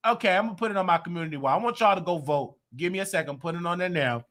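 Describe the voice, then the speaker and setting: An American man hosting a livestream commentary show, chatting with viewers and clearing his throat often. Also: sits high, rapid-fire, a bit bright. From United States. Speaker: show host. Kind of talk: livestream commentary talking to the chat.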